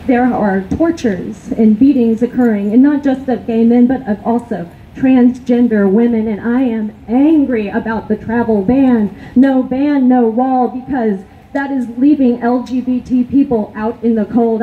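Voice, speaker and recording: At an outdoor rally, an East Texas woman delivers an impassioned, angry speech, driving her points home through repetition. Her voice is fairly high and steady, a little slow with hardly any pauses, and the recording sounds tinny, narrow and lo-fi with faint hiss.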